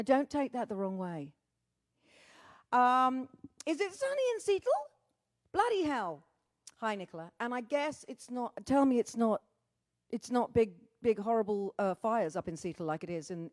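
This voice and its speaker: A woman's voice: a little high, a little mellow, no room sound, clean studio sound. A woman, a singer-songwriter, hosting a livestream, chatting theatrically with viewers, greeting them by name and swearing freely. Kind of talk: casual chat greeting viewers. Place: very hot room at home.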